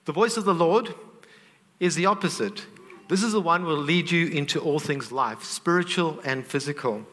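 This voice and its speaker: A man's voice: fairly high pitch, moderate pace, pushed and bright, big-room sound. A middle-aged man teaching on faith, earnest and heartfelt, openly emotional as he tells a family story. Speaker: Christian teacher.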